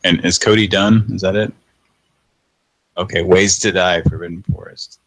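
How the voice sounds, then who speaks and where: A man's voice: sits low, fairly even intonation, moderate pace, a bit bright, no room sound. A man in his thirties hosting a late-night live show, tired and yawning, chatting casually and chuckling as he thinks aloud. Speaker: podcast host.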